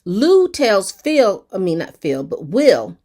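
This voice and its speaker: A talkative woman walks her viewers through a TV episode in a loose, chatty recap, full of terms of endearment and filler words. Her voice sits at an ordinary middle pitch for a woman, and she talks quickly. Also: huge pitch swings, warm tone. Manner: rapid talk. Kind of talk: casual recap chat to viewers.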